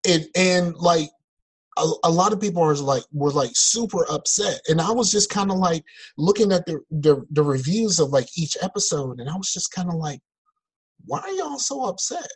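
A man co-hosting a podcast in casual chat, talking in animated, exasperated rants over a remote call. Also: on the high side, moderate pace, breathy edge, poor audio. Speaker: podcast co-host. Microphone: remote call mic.

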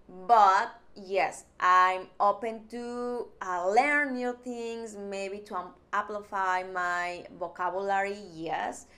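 Slow, earnest Mexican-accented woman. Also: mid-range voice, pushed and bright. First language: Spanish. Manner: earnest, searching for words in a second language. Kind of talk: personal vlog talk to camera.

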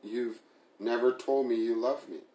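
A man voicing a hurt, intense young woman, with a pleading, sharp way of talking. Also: medium pitch, steady tone, measured pace, lightly acted. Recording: roomy echo.

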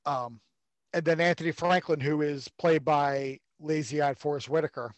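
A man with a fairly high voice riffs sarcastically on a movie, rambling and swearing as he goes. He sounds close and dry, with no room around him. It is loose, casual podcast talk. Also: steady tone, normal speed, no echo. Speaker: podcast co-host.

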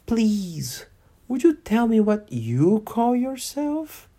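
A man's voice: high voice, wildly swooping pitch, slow, dark tone, voice pushed up, heavily acted. A man voicing a curious, polite young girl in a storybook read-aloud, speaking timidly and wonderingly.

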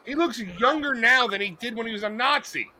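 A man co-hosting a podcast, reacting to a film with animated, wisecracking remarks. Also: extremely high pitch, fairly quick, noisy background. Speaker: podcast co-host. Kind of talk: casual movie watch-along chat.

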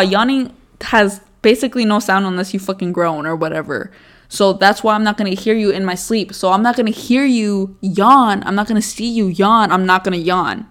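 A woman's voice: mid-range voice, moderate pace, fairly bright tone. A young woman co-hosting a casual podcast, swearing freely and saying "like" constantly. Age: young adult. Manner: casual, heavy swearing, says "like" a lot. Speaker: podcast co-host. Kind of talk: casual chat.

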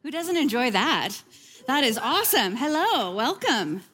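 Woman, pastor, sermon storytelling, fairly high voice, animated, self-deprecating humor. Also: measured pace, music in the background. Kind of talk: sermon told as a personal story.

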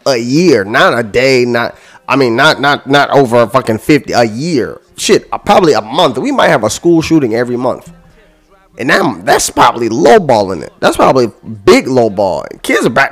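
A man's voice: mid-range voice, sing-song, moderate pace. A man hosting a podcast, ranting heatedly and profanely, repeating himself. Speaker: podcast host.

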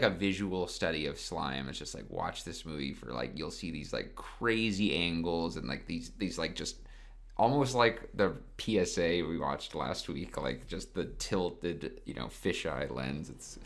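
A man's voice: low voice, a little slow, vocal fry, fairly bright tone. A man co-hosting a podcast, talking through a film in a loose, rambling way full of filler words. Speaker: podcast co-host. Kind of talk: casual film discussion.

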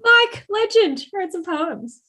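A woman's voice: very high-pitched, animated, slow pace, sharp tone. A woman co-hosting a podcast, talking enthusiastically in casual chat and laughing often. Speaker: podcast co-host.

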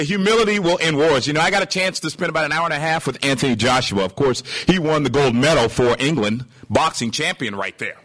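A man's voice: medium pitch, rough recording. A man preaching a sermon, telling stories and acting out the dialogue, often asking the congregation questions. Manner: animated storytelling, acting out dialogue. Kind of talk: sermon with told anecdotes.

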